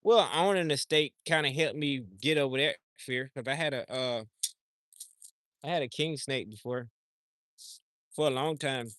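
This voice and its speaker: A man's voice: medium pitch, normal speed, pauses often, fairly bright tone, dry recording, studio quality. A man livestreaming outdoors, talking in a loose, rambling, slangy way and often repeating himself. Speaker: livestream host. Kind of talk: casual rambling chat.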